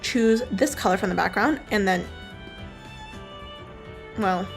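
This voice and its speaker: This digital artist streamer speaks slowly in a creaky, medium-pitched voice. She's a young woman talking through her drawing in a loose, rambling way, now and then swearing, with soft music behind her.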